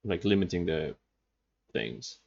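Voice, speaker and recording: Guy reacting to a vid, kinda low voice, keeps hunting for words, muffled cheap mic. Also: lively intonation, slow, vocal fry. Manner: hesitant, searching for words. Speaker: reaction streamer. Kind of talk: casual commentary.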